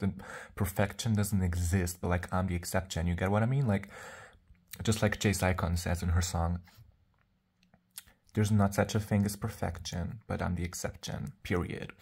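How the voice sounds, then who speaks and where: A man's voice: low-pitched, dark tone, slightly rough. A man vlogging to the camera in a rambling, chatty way, full of fillers and self-assured sass. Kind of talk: casual vlog monologue.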